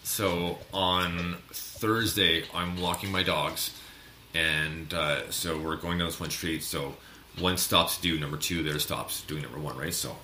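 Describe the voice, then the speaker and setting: A man's voice: low-pitched, steady tone, a little slow, bright, forceful tone. A man co-hosting a casual chat show, telling a rambling story and laughing often. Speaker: co-host. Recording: echoey room with faint noise.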